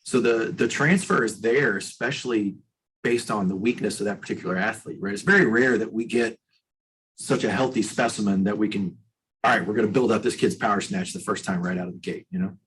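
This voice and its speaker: A man's voice: on the low side, a little fast, fairly bright tone, a little hiss or hum, rough recording. A man, a strength coach guest on a podcast, talking bluntly and emphatically and swearing freely. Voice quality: husky. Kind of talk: podcast interview.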